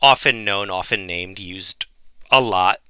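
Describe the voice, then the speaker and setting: A man co-hosting a podcast in casual chat, animated and laughing as he tells stories. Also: fairly low pitch, measured pace, smooth, dry recording. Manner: mimics voices in quoted anecdotes. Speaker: podcast co-host.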